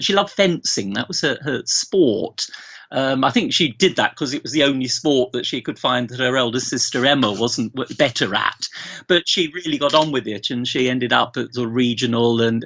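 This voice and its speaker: A man's voice: mid-range voice, gravelly, fairly bright tone, muffled recording. A middle-aged man, a guest on a podcast, telling family anecdotes in a rambling way with many restarts. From England. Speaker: guest, bereaved father. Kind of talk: remote podcast interview.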